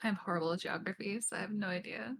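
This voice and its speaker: A woman's voice: mid-range voice, fairly even intonation, fast talker, vocal fry, fairly bright tone. A young woman chatting with a friend over a voice call, easygoing and teasing, laughing often. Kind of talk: casual chat on a voice call.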